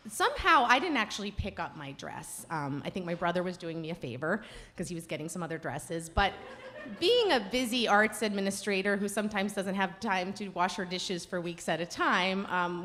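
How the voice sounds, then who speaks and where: On stage at a live storytelling event, a woman tells a self-deprecating personal story, animated and mocking herself. Her voice sits on the low side.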